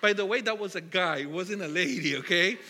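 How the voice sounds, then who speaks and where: A man preaching a sermon, telling the story in an animated way, asking the congregation questions and often restarting his sentences. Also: high-pitched, brisk, raised voice, very noisy. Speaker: pastor. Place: church hall. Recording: long hall reverb.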